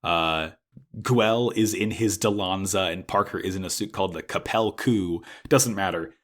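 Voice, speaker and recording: A man casually recapping an anime episode as podcast co-host, animated and swearing freely. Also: deep voice. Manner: animated, swears freely, acts out characters' lines in quick bursts.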